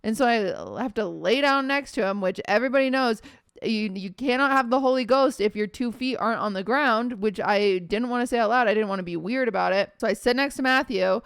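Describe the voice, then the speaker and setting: A young woman streamer telling a story casually, animated, acting out quotes and swearing often. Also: fairly high pitch, brisk, clean tone, dry recording, clean studio sound.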